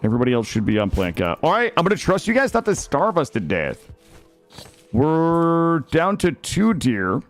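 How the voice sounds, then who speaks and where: Lively excitable male game streamer. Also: fairly high pitch, moderate pace, soft background music. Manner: excitable, chatty, prone to screaming. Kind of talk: casual gameplay commentary.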